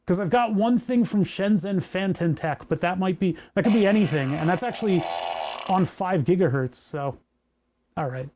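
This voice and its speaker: A man's voice: sits high, normal speed, darkish tone, a little hiss or hum. A man casually chatting to his viewers as he tinkers with a hardware project, rambling and joking as he works. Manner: rambling, joking, talks to chat while working. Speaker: maker streaming a hardware project. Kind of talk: casual livestream tinkering talk.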